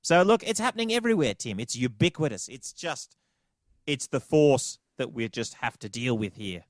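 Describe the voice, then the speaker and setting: A man's voice: medium pitch, animated, normal speed, no echo, clean studio sound. A man with an Australian accent co-hosting a podcast, bantering in a playful, mock-serious way. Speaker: podcast co-host. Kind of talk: casual comedic podcast chat.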